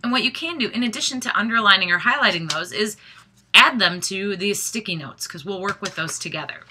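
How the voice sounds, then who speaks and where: A woman's voice: medium pitch, lively intonation, a little fast, sharp tone, a little hiss or hum. A middle-aged woman facilitator talking straight to her audience, upbeat and encouraging, often restarting her sentences. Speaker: workshop facilitator. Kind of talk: direct-to-camera prep message.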